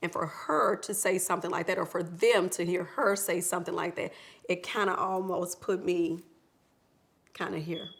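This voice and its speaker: A woman's voice: lowish voice, fairly even intonation, normal speed, gravelly. Woman telling her story. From Memphis, Tennessee. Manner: reflective storyteller. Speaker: guest. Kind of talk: interview.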